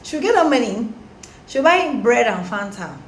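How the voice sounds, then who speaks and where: A young woman telling a story casually to her followers, animated and slangy. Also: on the high side, moderate pace, slight background noise. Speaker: storytime vlogger. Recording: roomy echo, faint background.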